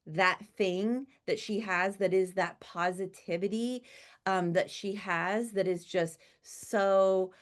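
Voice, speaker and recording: A woman speaks casually and from the heart, in a voice of middling pitch. She rambles warmly, pausing on fillers and restarts. She breaks into laughter often and brings her stories to life. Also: steady tone. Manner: chatty and warm-hearted, with frequent fillers and self-corrections; laughs often and acts out quotes animatedly. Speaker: speaker introducing a guest.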